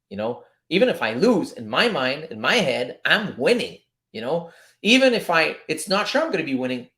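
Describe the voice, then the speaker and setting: A man hosting a casual live stream about trading, talking in an animated, repetitive pep-talk way and swearing freely. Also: on the high side.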